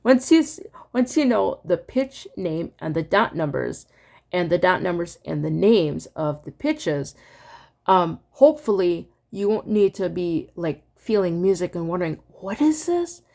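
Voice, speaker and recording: Slow, gravelly-voiced woman teaching music. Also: on the low side. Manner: relaxed, hesitant with many fillers, laughs at own slips; recites counts in time with a metronome. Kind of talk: casual spoken lesson.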